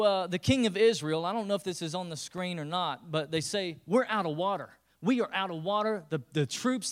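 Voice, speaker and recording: A man preaching a sermon as the pastor, retelling scripture in a casual, humorous way with playful character voices. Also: high voice.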